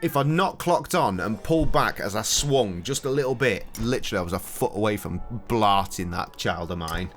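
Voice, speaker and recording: A man's voice: lowish voice, lively intonation, moderate pace, hardly any pauses, a bit bright, faint music behind. A middle-aged man, streaming a video game at home and telling stories in sweary, cheeky banter. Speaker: gaming streamer. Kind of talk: casual commentary with storytelling. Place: home, indoors.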